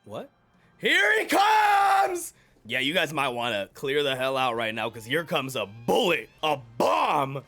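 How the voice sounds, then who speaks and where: A man reacting to an anime episode with hyped, slangy commentary that often breaks into shouts. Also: mid-range voice, lively intonation, moderate pace, few pauses, soft background music.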